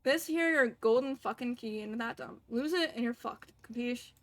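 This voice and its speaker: A woman voicing a crude, foul-mouthed gangster man, reading him with a put-on Southern US accent in a gruff, bossy way. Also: fairly high pitch, moderate pace, lightly acted.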